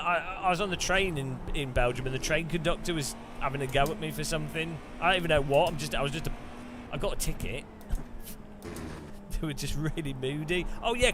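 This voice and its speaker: A man's voice: fairly high pitch, background noise. A man chatting casually about sim racing as he plays, rambling with chuckles and restarts. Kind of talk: casual gaming chat.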